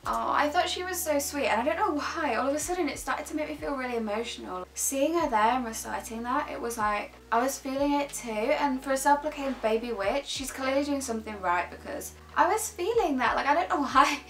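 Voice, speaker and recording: A woman's voice: high-pitched, brisk, hardly any pauses, a bit bright, slight background noise. A young woman hosting a casual reaction chat, talking chattily with plenty of filler words and some giggles. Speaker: host reacting to videos.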